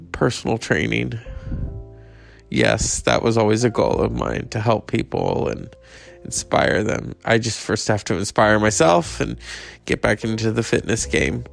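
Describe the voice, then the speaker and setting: Slow gravelly guy rambling through his podcast, lots of ums. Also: medium pitch. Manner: rambling, meandering, many fillers. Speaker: podcast host. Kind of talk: solo podcast monologue.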